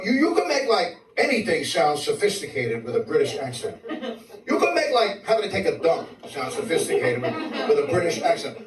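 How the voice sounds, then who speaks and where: Onstage at a comedy club, a New York City comic with a high voice delivers a brash live set full of crude jokes, often stammering and restarting. Audience laughter fills the roomy, distant club recording.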